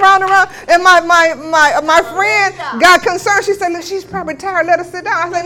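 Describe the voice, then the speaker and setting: A woman delivers a sermon testimony in a strikingly high voice. She tells her story with fervent, emphatic declarations and breaks into laughter along the way. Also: steady tone, fairly quick, hardly any pauses, crowd noise. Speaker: guest speaker.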